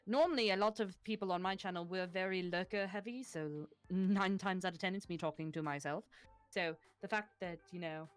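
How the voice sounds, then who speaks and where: A woman's voice: lowish voice, fairly quick, clean tone, faint music behind. A woman guest co-streamer chatting casually with the audience in a chatty, giggly way. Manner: chatty, giggly, addresses chat directly.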